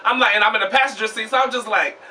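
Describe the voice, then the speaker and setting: A young man telling a storytime vlog in a profane, animated way, acting out what people said. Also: high voice, racing, recorded from a distance, a little hiss or hum. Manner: animated, profane, acts out quoted voices loudly.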